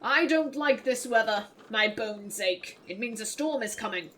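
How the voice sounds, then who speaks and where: A woman voicing an elderly male monk who is touchy and solemn, reading his lines slowly and deliberately. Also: a little high, lively intonation, a bit bright, a little hiss or hum, voice pushed down. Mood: gloomy.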